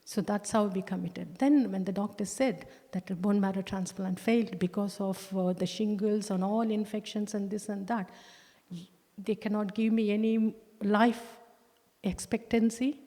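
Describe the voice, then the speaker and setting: A woman of middle pitch gives a personal testimony in church. She speaks earnestly and haltingly, restarting phrases and slowing down to stress key words. Her voice carries a long reverb from the hall. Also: fairly even intonation, dark tone. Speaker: church member giving testimony.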